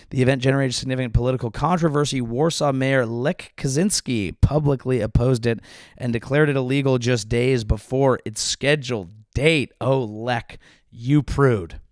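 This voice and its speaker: A man's voice: medium pitch, no room sound, studio quality. A man hosting his comedy podcast, delivering a sarcastic, rambling monologue full of restarts.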